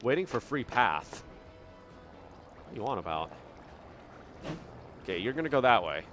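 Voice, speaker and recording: A man's voice: medium pitch, big pitch swings, normal speed, a bit bright, faint music behind. A man giving casual commentary on his own train-building game, thinking aloud and puzzling over problems as he plays. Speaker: gameplay commentator. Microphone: studio dynamic microphone.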